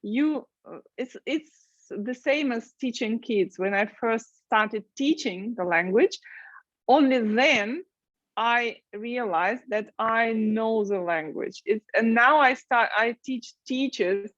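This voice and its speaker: Slow Russian-accented woman, muffled call. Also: on the high side, dry recording. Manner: hesitant, many uh fillers, careful non-native phrasing. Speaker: language school director. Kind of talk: interview guest.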